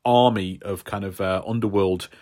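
A man's voice: deep voice, steady tone, moderate pace, a little mellow. A man co-hosting a casual chat, recapping a story in a rambling way with lots of fillers. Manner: rambling, hesitant with many fillers. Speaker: podcast co-host.

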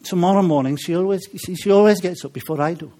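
A man putting on a Welsh accent to voice an excitable Welsh man in a funny story, loud and emphatic. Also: high voice, quick pace, slight background noise, lightly acted. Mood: insistent.

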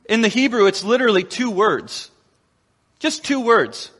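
Pastor, male, high voice, lively storyteller who acts out quotes, long reverb of a large hall. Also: moderate pace. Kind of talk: sermon.

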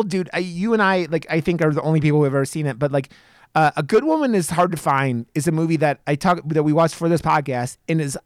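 A man's voice: a little high, dry recording, clean studio sound. A man co-hosting a podcast, chatting casually about horror films, swearing and acting out his reactions to scenes. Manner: animated, profane, acts out reactions in a raised voice. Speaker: podcast co-host.

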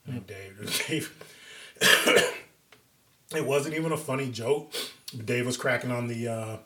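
Man, podcast host, casual chat, animated storyteller, swears freely, mid pitch, echoey room. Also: slow. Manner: animated storyteller, profane and laughing. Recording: roomy echo.

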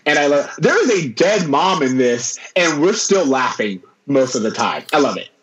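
An enthusiastic man rambling about a movie on a podcast, his voice a little high for a man. The sound is roomy and echoey. The recording is dull and lo-fi. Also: very animated, moderate pace, fairly bright tone. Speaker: podcast co-host. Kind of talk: casual movie review chat.

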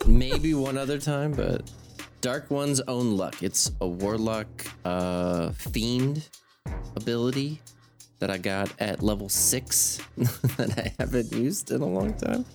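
Wry tabletop player, lively pitch. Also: slow pace, soft background music. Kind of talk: casual tabletop play.

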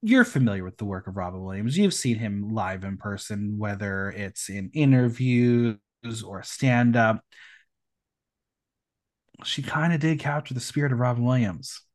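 Guy hosting a recap podcast, super animated, bouncy voice, jokey asides. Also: fairly low pitch, unhurried. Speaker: podcast host. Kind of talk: reality show recap podcast.

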